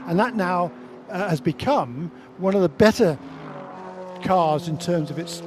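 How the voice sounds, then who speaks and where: Higher-voiced race commentator with engine noise. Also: male voice, unhurried. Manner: reflective, chatty analysis. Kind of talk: broadcast commentary. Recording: race car noise behind.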